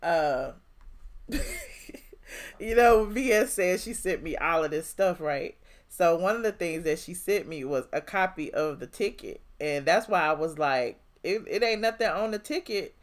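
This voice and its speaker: A woman's voice: lowish voice, expressive, moderate pace. A woman hosting a gossip commentary show, chatty and full of sarcastic quips. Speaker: host.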